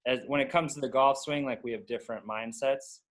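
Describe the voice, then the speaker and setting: A man's voice: medium pitch, fairly even intonation, a little fast. A man guesting on a casual podcast, rambling and poking fun at himself. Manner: rambling, self-deprecating. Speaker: guest pro golfer.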